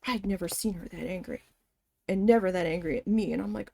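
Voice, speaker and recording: A woman's voice: medium pitch, a little fast, vocal fry, mellow, husky, dry recording. A woman chatting casually while she embroiders, telling a long story in a rambling, profane way with lots of fillers. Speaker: craft vlogger.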